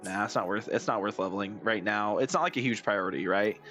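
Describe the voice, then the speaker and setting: A man with a rough, hoarse voice giving casual gameplay commentary as a streamer, rambling, thinking out loud and swearing a lot. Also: fairly low pitch, quick pace, soft background music. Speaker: game streamer.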